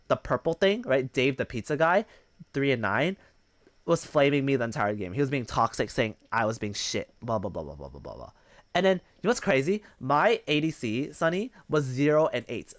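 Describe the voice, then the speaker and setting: Animated, swearing male streamer. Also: a little high, no echo. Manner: animated, profane, mocking quoted voices. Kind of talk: casual stream storytelling.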